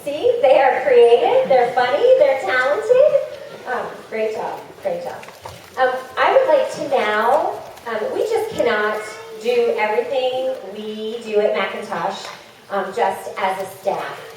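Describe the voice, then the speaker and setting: A woman from the school staff hosts a ceremony, speaking in a halting way full of ums and pauses. Her voice sits a little high and carries from far off through a big, booming hall. Noise hangs behind her throughout. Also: sing-song, darkish tone. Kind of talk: ceremony announcements. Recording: echoey hall from far off, noisy.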